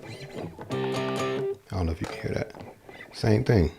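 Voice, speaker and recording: This guitar teacher has a mid-range, somewhat creaky voice with lively intonation and a slow delivery. Teaching a relaxed livestream lesson, he muses aloud and keeps restarting and repeating what he says, with a guitar being played behind him.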